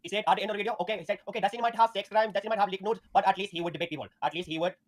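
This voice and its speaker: A caller on a stream, talking earnestly with halting restarts. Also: medium pitch. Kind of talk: call-in conversation.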